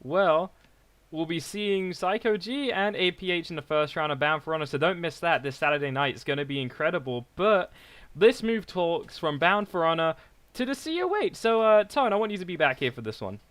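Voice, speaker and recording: Lively, dry-sounding male host. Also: on the high side, brisk, dry recording. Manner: upbeat, hype-building. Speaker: press conference host. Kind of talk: interviewer announcing and asking questions.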